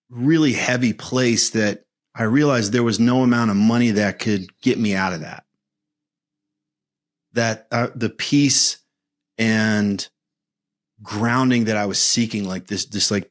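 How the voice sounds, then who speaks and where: A man's voice: medium pitch, slow pace, long pauses. A man in his fifties, a men's coach, speaking earnestly and reflectively as a podcast guest, often restarting his phrases. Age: 50s.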